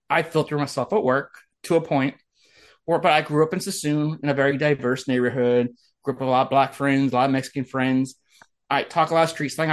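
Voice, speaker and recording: Guy almost forty ranting on a podcast, swears a lot, rambles, does little quote voices. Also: a little high. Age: late 30s. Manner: rambling, crude, self-deprecating, trails into mock quotes. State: getting over an ear infection. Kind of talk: casual ranting chat.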